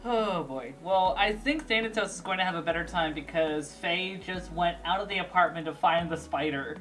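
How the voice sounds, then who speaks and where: A woman hosting a casual stream who talks in an animated way and laughs often, with faint game music behind. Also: lowish voice, normal speed. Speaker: streamer host.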